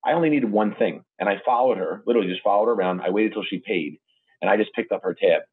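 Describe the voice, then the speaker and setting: A man's voice: fairly low pitch, fast talker, slightly rough. A man hosting a podcast, telling stories in a gushing, emotional way. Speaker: podcast host. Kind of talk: interview podcast chat. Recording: tinny phone-like line.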